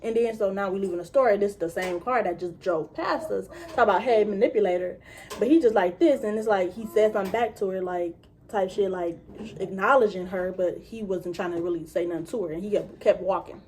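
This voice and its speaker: A woman's voice: medium pitch, brisk, a little hiss or hum. A young woman vlogger casually retelling a personal story, swearing freely and acting out what people said. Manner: casual, profane, animated retelling with quoted voices. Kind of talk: storytime vlog.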